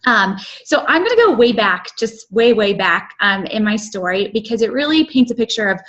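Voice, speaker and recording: A woman's voice: fairly high pitch, big pitch swings, moderate pace, fairly bright tone, muffled recording. Earnest woman telling her life story. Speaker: guest speaker. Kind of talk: personal story told on a call. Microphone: video call.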